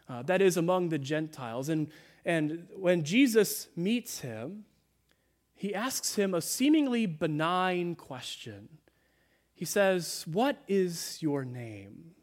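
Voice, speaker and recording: A male pastor delivering a sermon in a church, his voice sitting a little higher than most men's. He speaks earnestly and drops to a soft, slow hush whenever he quotes someone. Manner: earnest preaching, dropping soft on quoted words. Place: church sanctuary.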